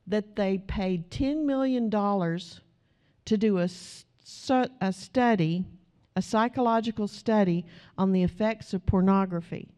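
A woman's voice: mid-range voice, measured pace, a little mellow, clear, resonant tone. A middle-aged woman preaching a sermon in church, emphatic and direct with the congregation. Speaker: pastor.

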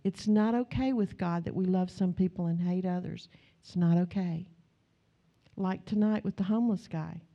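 A woman preaches in a folksy, conversational way, telling everyday stories and acting out the people in them. Her voice sits a little low and sounds warm and mellow. The recording is dull and lo-fi. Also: normal speed. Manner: conversational, folksy, animated in quoted retellings. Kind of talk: sermon with storytelling.

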